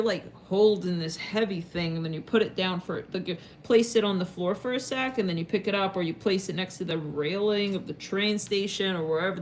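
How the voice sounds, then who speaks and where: A woman's voice: mid-range voice, a little hiss or hum. A woman giving a casual tarot reading, rambling and slangy, with lots of filler words and casual swearing. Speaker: tarot reader.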